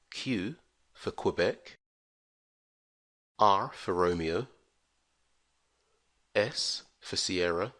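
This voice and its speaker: A man with a very low, gravelly voice leads a scripted pronunciation lesson. He talks slowly and enunciates every letter and sound with care. The recording is dry and close. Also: a bit bright, no room sound. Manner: slow, careful, enunciated delivery. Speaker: English teacher.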